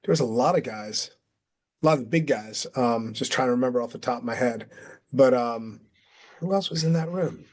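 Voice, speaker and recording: A man's voice: mid-range voice, normal speed, darkish tone. A man guest in a casual interview, telling a long story with many restarts and acted-out quotes. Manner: rambling, restarts, acts out quotes. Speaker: interview guest, former wrestler.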